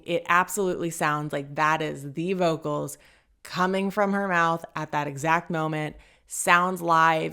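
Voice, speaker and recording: A woman's voice: on the low side, a bit bright, clean tone. A woman hosting a casual commentary show, chatty and hedging, often laughing as she talks. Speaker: podcast host.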